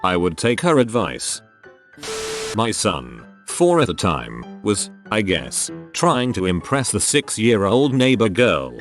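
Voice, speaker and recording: A low-voiced man narrating online stories in a lively, up-and-down delivery. He reads the text very literally, even where it sounds odd. Faint music plays underneath. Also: slow. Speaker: narrator reading online posts. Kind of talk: scripted narration.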